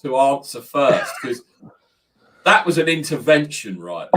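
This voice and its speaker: A man hosting a casual sports talk show, with a relaxed, drawn-out delivery. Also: medium pitch. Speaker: host. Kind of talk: casual chat.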